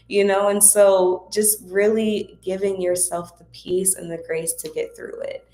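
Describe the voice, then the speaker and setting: A woman's voice: medium pitch, fairly even intonation, unhurried, few pauses, warm tone. A woman hosting a spiritual Q&A livestream, giving casual, encouraging advice straight to her viewers in a chatty way. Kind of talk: casual spiritual guidance talk. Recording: echoey room.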